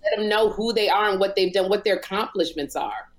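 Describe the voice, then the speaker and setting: A woman's voice: mid-range voice, brisk. A woman talk show host chatting and laughing with a guest. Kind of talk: casual chat.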